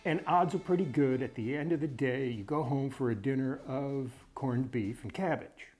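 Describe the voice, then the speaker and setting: A man's voice: medium pitch, moderate pace, darkish tone, breathy edge, faint music behind. Wry man hosting a cooking show. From Chicago area, USA. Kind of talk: cooking video narration.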